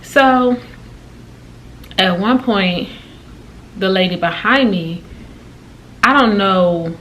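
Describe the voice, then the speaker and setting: A woman vlogger telling a story in a casual, exasperated way, with her pitch jumping high when she quotes people. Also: extremely slow, slight background noise. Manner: animated and exasperated, with big pitch jumps when quoting.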